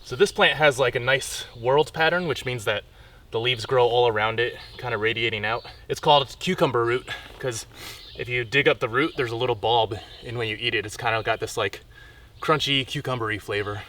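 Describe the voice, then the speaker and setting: A man's voice: medium pitch, fairly quick, a bit bright. A man on a forest hiking trail, chatting casually and explaining the plants he sees with enthusiasm, laughing often, recorded on a camera mic outdoors. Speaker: hiker identifying plants.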